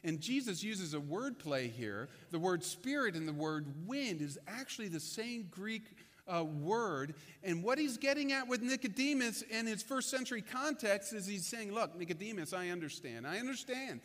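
A man preaching a sermon, retelling the story in a conversational, storytelling way with dramatic pauses. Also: sits high, lively intonation, a bit bright, big-room sound. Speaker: pastor.

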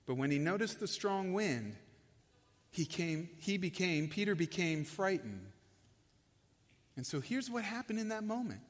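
A man preaching a sermon with passion, building in loudness and then dropping to a hush. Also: high voice, big pitch swings, measured pace, long pauses. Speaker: pastor. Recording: long echo of a large hall.

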